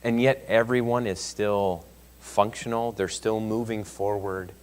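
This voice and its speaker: A man with a fairly low voice leads a Bible class in an easygoing, conversational way. His voice carries a long reverb from the church room, and he leans into his points with rising emphasis. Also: fairly even intonation, unhurried. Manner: conversational, reads scripture aloud with rising emphasis. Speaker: Sunday school teacher.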